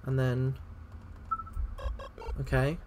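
A horror game player on a let's play channel gives unhurried commentary at a slow, drawn-out pace. The player is jumpy and swears a lot, repeating the same exclamations when frightened. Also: mid-range voice, monotone, a little mellow, a little hiss or hum.

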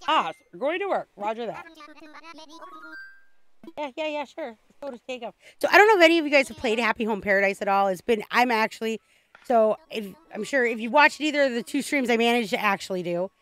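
A woman streaming a video game, chatting casually in an excitable, rambling way with frequent restarts. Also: on the high side, a little fast. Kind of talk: casual game livestream chat.

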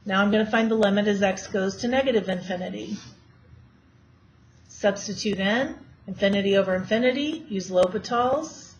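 A woman's voice: mid-range voice, moderate pace. A woman math teacher giving a classroom lecture and quizzing her students as she works through problems. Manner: asks students questions while working problems. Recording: dull lo-fi classroom recording, faint hiss.

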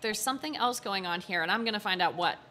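A woman voicing a young male defense attorney in a calm, wry reading close to her own voice. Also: medium pitch, quick pace, slight background noise.

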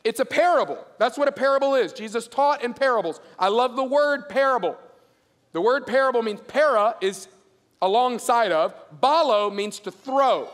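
High-voiced man preaching in a reverberant hall. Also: moderate pace. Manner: animated storyteller acting out dialogue in a lowered voice. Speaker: pastor. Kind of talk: sermon. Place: large church auditorium.

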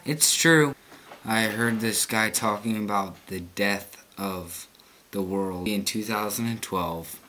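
A man's voice: mid-range voice, a bit bright. A seventeen-year-old young man delivering a rambling, mock-serious comedic vlog monologue into a camera mic. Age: late teens. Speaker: vlogger.

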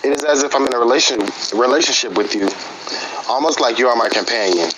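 Through a steady hiss, a man of middling pitch speaks into his phone during a live-stream group session. He hesitates, uses many fillers, and restarts often as he chats casually and reads out a personal letter.

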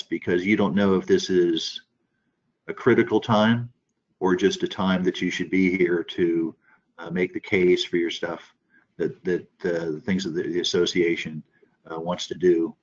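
A low-pitched man briefing colleagues over a conference call. He speaks haltingly, filling pauses with "uh" and restarting phrases. The audio is muffled and dull. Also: steady tone. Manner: halting, many fillers and restarts. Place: office in Washington.

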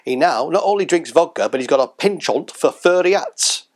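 A man's voice: fairly high pitch, expressive, normal speed. A man doing a blunt Yorkshire old-timer. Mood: grumbling. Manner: blunt, bossy, grumbling. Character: gruff old northern English patriot, stubborn. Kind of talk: satirical sketch comedy.

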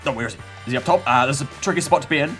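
A young man giving excitable, goofy gameplay commentary as a channel host, yelping and shouting at sudden moments. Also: mid-range voice, very fast, faint music behind. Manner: goofy self-mocking banter.

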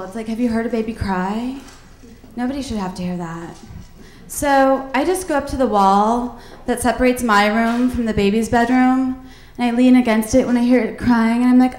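A woman's voice: on the high side, a little fast, darkish tone, a little hiss or hum. Wry, self-deprecating young comedian woman. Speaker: stand-up comedian. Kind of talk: stand-up routine. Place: comedy club stage. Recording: echoey comedy club.

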